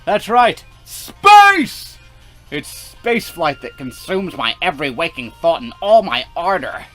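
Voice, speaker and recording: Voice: mid-range voice, very animated, moderate pace, soft background music. A player voicing a flamboyant male alien adventurer with grand, old-fashioned phrasing and accents that keep changing. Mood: ecstatic. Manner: theatrical, archaic phrasing, shifting accents.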